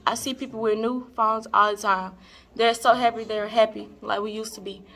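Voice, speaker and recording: A woman's voice: a little high, steady tone, moderate pace, fairly bright tone. Young woman playing a reproachful, bitter lover. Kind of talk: dramatic stage monologue.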